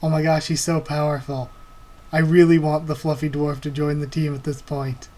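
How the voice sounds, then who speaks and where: Excitable man gushing over a comic. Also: on the high side, moderate pace. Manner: excitable, gushing, laughs often. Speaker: webcomic reaction host. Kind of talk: live reaction commentary.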